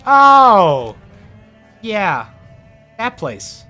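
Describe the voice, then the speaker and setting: A squeaky, bouncy little gnome, put on by a man running a tabletop game, folksy and eager to chat. His pitch leaps high and swings all over, with a bright edge and faint music behind. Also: big pitch swings, very slow, full character voice. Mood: chatty, excited. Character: chatty friendly male gnome, tiny, a hundred years old.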